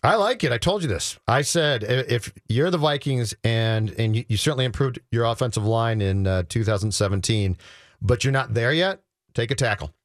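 A man's voice: mid-range voice, lively intonation, normal speed, dry recording, studio quality. A man co-hosting a sports radio show, giving firm opinions and repeating his point for emphasis. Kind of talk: casual sports radio banter.

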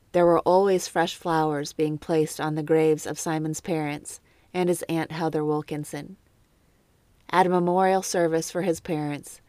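A woman narrating a scripted true crime story in a measured way, with brief personal asides. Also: low voice, darkish tone, dry recording. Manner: measured, lightly commenting asides.

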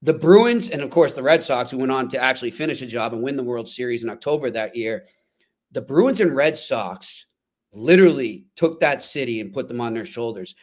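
A man co-hosting a sports podcast, telling stories in an animated, emphatic way. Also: mid-range voice, a little fast. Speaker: podcast co-host. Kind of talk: casual sports chat.

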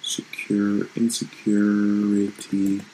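A man's voice: fairly low pitch, completely flat delivery, drawn-out words, noisy background. A man hosting his own channel, talking in a loose, rambling and reflective way in a casual live-streamed vlog from his room at home.

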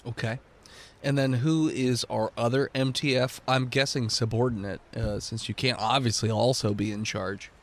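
A man's voice: medium pitch, fairly even intonation, moderate pace. A man with a nasal, flu-stuffed voice who hosts the show and narrates as game master, bantering and explaining with fillers. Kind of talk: hosting and narrating a tabletop game.

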